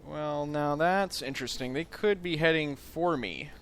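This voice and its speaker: A man's voice: fairly high pitch, a little slow, fairly bright tone, slight background noise. A man from the United States giving casual let's play commentary, thinking aloud in a rambling, self-mocking way.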